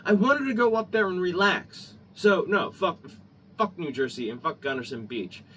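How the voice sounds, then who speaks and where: A man's voice: high voice, lively intonation, normal speed, a bit bright. A man ranting in a vlog, heated and rambling, swearing often. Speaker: vlogger. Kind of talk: angry opinion rant. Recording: distant mic, faint ambient noise.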